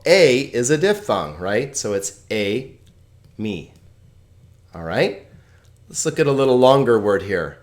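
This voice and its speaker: A man teaching a relaxed video language lesson, friendly and chuckling often as he explains. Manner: friendly, chuckles often, lively pitch swings.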